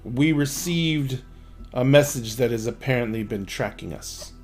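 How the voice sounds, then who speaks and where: A man voicing a huge, armored old grandfather warrior who speaks sternly and slowly. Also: mid-range voice, faint music behind, voice pushed down, lightly acted. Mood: grave. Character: gruff giant old male warrior grandpa.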